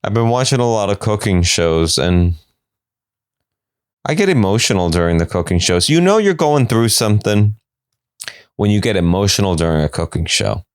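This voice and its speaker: Animated man riffing solo, dry close sound. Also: moderate pace, smooth, no echo. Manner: animated, slips into high silly voices for quoted people. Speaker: podcast host. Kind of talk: solo comedic monologue.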